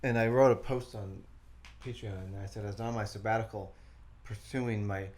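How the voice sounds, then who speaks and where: A man's voice: lowish voice, fairly even intonation, moderate pace, darkish tone. Laid-back young man telling stories. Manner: laid-back, rambling storyteller. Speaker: comedy podcast co-host. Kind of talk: casual banter.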